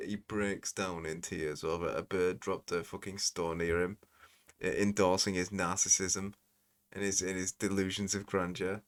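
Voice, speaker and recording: Casting: deep-voiced guy, rambling sardonic commentator. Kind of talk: casual commentary.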